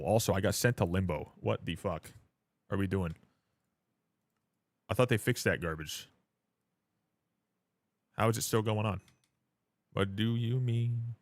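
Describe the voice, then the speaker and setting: A lower-pitched man chats loosely through a live game stream, rambling and swearing freely. His voice sounds dry and close, with hardly any room around it, and he gets loud and hyped when he thanks viewers. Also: no echo. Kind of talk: casual live-stream chat while gaming.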